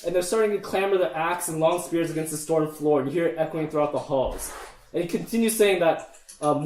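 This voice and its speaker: A man narrating as game master in a relaxed, chatty way, laughing easily with his players. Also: a little high, fairly quick, reverberant, poor audio.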